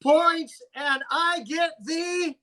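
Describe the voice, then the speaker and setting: A man's voice: very high-pitched, steady tone, extremely slow, sharp tone. A man co-hosting a casual fantasy sports podcast, recapping matchups in a dry, teasing announcer manner. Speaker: podcast co-host.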